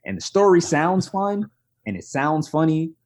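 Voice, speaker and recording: A man, a podcast guest telling stories in a candid, animated, self-deprecating way. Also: fairly high pitch, measured pace. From Brooklyn, New York. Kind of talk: conversational storytelling.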